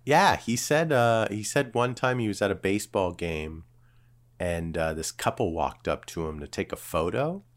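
A man's voice: lowish voice, moderate pace. A man telling a rambling story in casual chat, full of fillers and swearing. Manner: swearing, filler-heavy, animated retelling.

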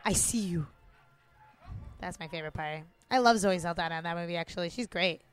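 A woman's voice: fairly low pitch, fast, clean tone, faint music behind. A woman from Canada chatting casually about movies, blunt and opinionated with a ready joke. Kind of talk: casual movie-watching chat.

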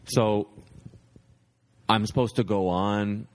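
A man's voice: fairly low pitch, fairly even intonation, takes it slowly. A stand-up comedian, a man, telling a rambling anecdote in a casual podcast chat, full of "like" fillers. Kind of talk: casual storytelling.

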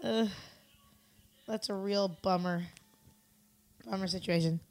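A woman hosting a podcast, making quick, wry asides in a casual chat while watching a movie. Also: medium pitch, fairly even intonation, a little mellow. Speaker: podcast host.

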